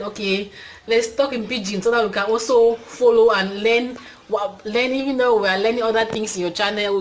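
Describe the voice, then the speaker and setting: A young woman with a Cameroonian accent hosts her own channel, chatting to the camera indoors in a casual, upbeat way packed with fillers. Her voice is mid-range, and the poor-quality audio carries a slight hiss or hum.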